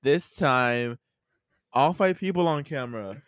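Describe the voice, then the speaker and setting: A teenage boy hosting a podcast with friends, chatting casually and joking with quick asides. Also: mid-range voice, animated, dry recording, clean studio sound. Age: teens. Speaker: podcast host. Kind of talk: casual chat.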